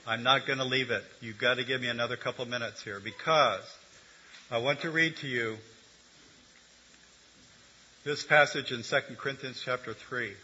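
A man's voice: mid-range voice, steady tone, normal speed, pauses often, sharp tone, a little hiss or hum. An older man giving a conversational sermon, teaching with humor and asides. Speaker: preacher. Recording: dull lo-fi recording.

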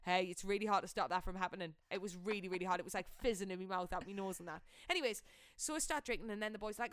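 A young woman telling a long story in casual chat, animated and giggly, swearing freely. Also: mid-range voice, very fast, hardly any pauses, dry recording, clean studio sound.

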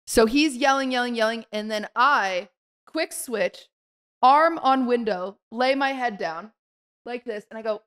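A young woman co-hosting a podcast, telling a story in casual chat and acting out the quotes with sudden swings in loudness. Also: on the high side, normal speed, clean tone. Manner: animated storyteller acting out quotes, swings between soft mutters and loud outbursts. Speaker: podcast co-host.

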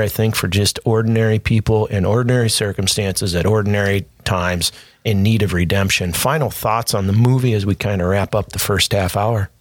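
Low-voiced radio host in a dry studio. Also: male voice, dry recording. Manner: steers the talk, wraps segments. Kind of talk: radio show hosting.

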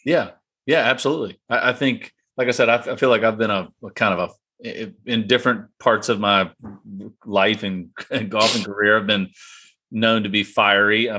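A man's voice: lowish voice, moderate pace, sharp tone. A man in casual golf-talk chat, rambling with restarts and laughs. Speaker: golf podcast co-host.

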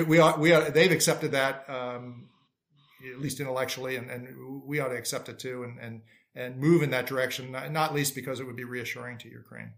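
A man speaking as a policy expert guest in a panel discussion, reasoning aloud in a measured way. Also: medium pitch, vocal fry, a bit bright.

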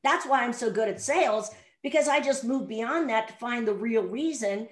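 A woman's voice: a little high, moderate pace. A middle-aged woman, a sales coach and podcast guest, speaking bluntly and directly in an interview. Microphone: remote audio call. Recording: echoey room sound.

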